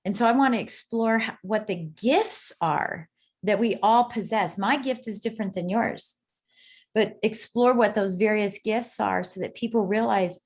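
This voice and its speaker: A middle-aged woman, a guest on an interview podcast, telling her story in an emphatic, animated way. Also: mid-range voice, normal speed, husky. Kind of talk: casual interview conversation.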